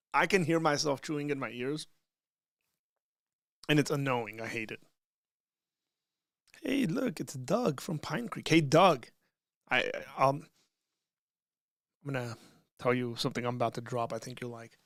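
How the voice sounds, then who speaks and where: A man hosts a relaxed livestream, reading chat questions aloud and answering them loosely and conversationally, often restarting his sentences. His voice is a little high with some vocal fry, and the clean studio recording has no room sound.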